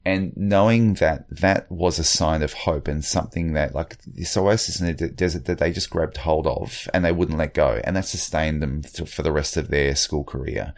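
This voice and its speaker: Deep voiced aussie guy, middle aged, lots of ums and restarts, reflective interview chat. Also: steady tone, normal speed, gravelly, few pauses. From Australia. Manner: hesitant, many fillers and restarts. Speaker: guest.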